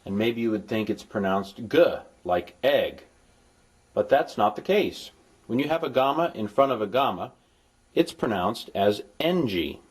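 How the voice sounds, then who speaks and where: A man's voice: on the low side, expressive, a little slow, husky. A man recording a language lesson as a tutor, explaining patiently and dropping playful, jokey asides to his students. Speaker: Greek tutor.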